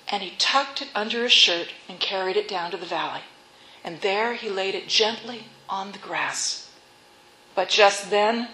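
A woman preacher telling stories in a sermon, earnest and soft-spoken, often dropping to a hush. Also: mid-range voice, measured pace. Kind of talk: sermon storytelling. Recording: echoey room.

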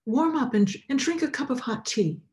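Woman reader doing a warm-hearted old cobbler in a storybook, eager and welcoming, voice lifting high. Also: animated, moderate pace.

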